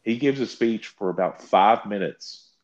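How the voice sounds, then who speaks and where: A man chatting casually, telling stories with lively mocking impressions and swearing. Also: unhurried, lo-fi sound. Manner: animated storytelling, mocking quotes with big pitch jumps. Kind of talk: casual chat.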